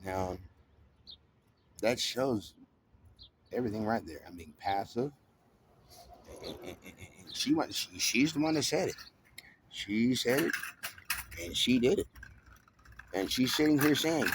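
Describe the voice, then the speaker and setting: A man's voice: lowish voice, animated, a little slow, pauses often, slight background noise. A man talking to camera in an aggrieved, rambling monologue, restarting and swearing often.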